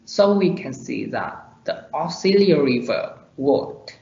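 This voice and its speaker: Slow Vietnamese-accented young man in echoey room. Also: on the high side, big pitch swings, vocal fry, a little mellow. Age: young adult. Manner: slow, deliberate reading of examples. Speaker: student presenter. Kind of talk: reading a class presentation. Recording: echoey dull lo-fi room recording.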